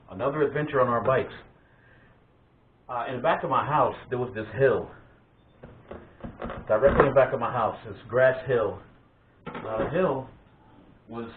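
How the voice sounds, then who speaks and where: A man hosting a vlog, casually telling family stories in an animated way, often laughing and restarting his sentences. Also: mid-range voice, slight background noise. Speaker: vlog host. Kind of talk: casual storytelling of family memories. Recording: tinny phone-like sound in an echoey room.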